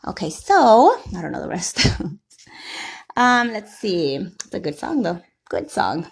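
A woman's voice: mid-range voice, sing-song, slow pace, vocal fry, breathy edge. A young woman hosting a casual solo podcast, rambling and laughing as she talks. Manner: rambling, laughs often, shouts catchphrases. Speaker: podcast host.

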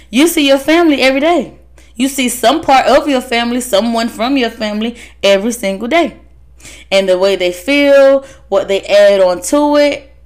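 A woman giving a casual motivational talk to fellow workers, animated and laughing as she acts out her family's voices. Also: medium pitch. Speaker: speaker addressing workers.

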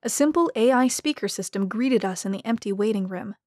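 A woman narrating a story in a measured, even way. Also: mid-range voice, no echo, clean studio sound. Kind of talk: scripted narration.

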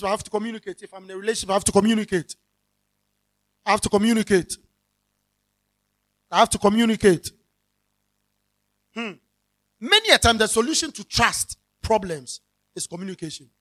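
A man preaching a sermon, repeating key words and calling out to the congregation. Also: high voice. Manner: repetitive, call-and-response preaching, bursts into shouting.

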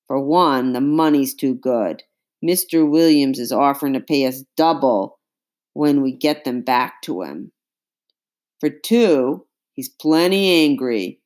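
A woman voicing a greedy, cruel male slave catcher who speaks in a slow rural drawl. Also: a bass voice, a little mellow, full character voice.

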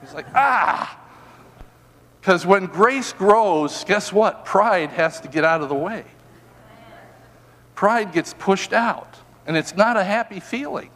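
An older man preaching a sermon with a fairly high voice. He tells personal stories in an animated, self-mocking, humorous way. The sound has the long reverb of a church hall. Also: a little slow. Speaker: pastor.

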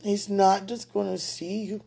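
A woman on a livestream, speaking aloud to God and a loved one in an emotional, prayerful monologue that swings between tearful and soft. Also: mid-range voice, little pitch movement, a little slow, vocal fry, breathy edge.

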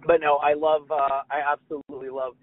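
A man's voice: on the high side, level tone, brisk. A male podcast host in casual chat, jokey and full of restarts, who likes trying out silly voices. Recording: dry tinny phone-like line.

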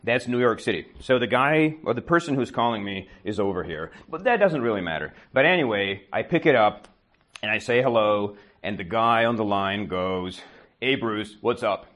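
A man telling a story to a class as a teacher, animated and often checking in with "right?". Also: on the low side, normal speed. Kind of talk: storytelling to learners.

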